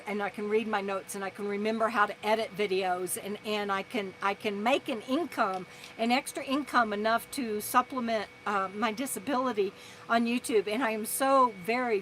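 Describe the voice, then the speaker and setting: A woman chatting on a live stream in a high, bright voice. She tells stories in an animated way, often laughing and tripping over her words as she restarts sentences. Between stories she stops to thank her viewers warmly by name. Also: slight background noise, poor audio. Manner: halting with repeated restarts. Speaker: vlogger hosting a live stream. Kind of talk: casual live-stream chat.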